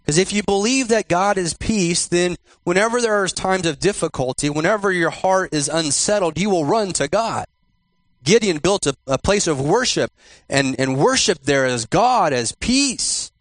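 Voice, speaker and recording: A male pastor giving a sermon in church, repeating and slowing down his key phrases for emphasis. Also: high-pitched, lively intonation, dry recording. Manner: repetitive, emphatic preaching with slowed key phrases.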